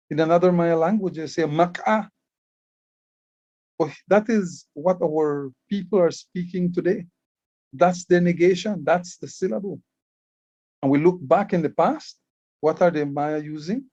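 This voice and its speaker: Man explaining, slightly high voice. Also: moderate pace, warm tone, dry recording, muffled recording. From Belize. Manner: explanatory, repeats words when starting phrases. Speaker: Maya writing educator and guide. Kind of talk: conference presentation.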